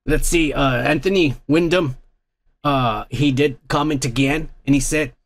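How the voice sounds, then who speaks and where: A man's voice: a little high, a little slow, a little hiss or hum. A man hosting a casual livestream, reading chat messages aloud in a blunt, profane, rambling way while drinking. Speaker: host.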